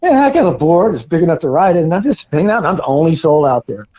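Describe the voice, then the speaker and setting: An older man from the Florida Gulf Coast, a surfer guest telling animated stories in an interview and acting out what others said. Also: a little high, racing. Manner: animated storyteller, acts out quoted voices. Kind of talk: casual storytelling interview. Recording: dull lo-fi recording.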